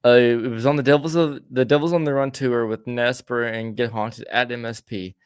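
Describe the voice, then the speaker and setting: A man in casual podcast chat, trailing off and stammering through restarts as he tells a rambling story. His voice sits at an ordinary middle pitch. It is recorded dry and close, with no room sound around it. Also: steady tone, normal speed, smooth, dry recording. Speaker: podcast co-host.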